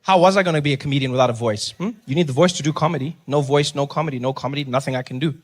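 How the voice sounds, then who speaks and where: A man doing a stand-up comedy set, telling stories in a playful, lively way on a large stage. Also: mid-range voice, very fast. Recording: long hall reverb, faint noise.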